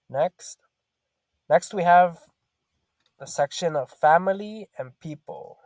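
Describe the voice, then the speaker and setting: Guy teaching spanish words super slow, says each one twice, dry close sound. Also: on the high side, animated, darkish tone, no echo. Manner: slow, repeats each word twice with pauses. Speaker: Spanish tutor. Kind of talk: slow vocabulary lesson.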